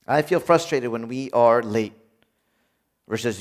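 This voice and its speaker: A man's voice: mid-range voice, unhurried, long pauses. A middle-aged man preaching a conversational sermon, acting out quoted voices along the way.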